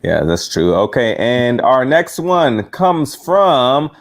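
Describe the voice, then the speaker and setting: A man's voice: medium pitch, very animated, slow. A man co-hosting a live show, reading viewer comments in a laid-back way. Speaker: co-host.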